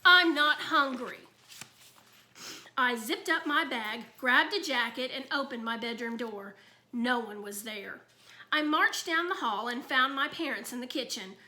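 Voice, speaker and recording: A woman reading a children's book aloud in an expressive storytelling manner. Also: fairly high pitch, normal speed. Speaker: reader.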